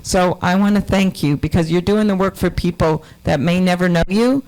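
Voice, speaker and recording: A woman's voice: on the low side, moderate pace, a little mellow, rough recording. A middle-aged woman giving a campaign speech in a hotel conference room, telling personal stories in a folksy, earnest way. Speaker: presidential candidate speaker.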